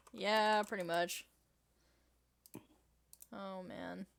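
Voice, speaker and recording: A woman's voice: mid-range voice, fairly even intonation, very slow, vocal fry. A young woman co-hosting a fan podcast in casual chat, giggly and rambling with lots of ums. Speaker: podcast co-host.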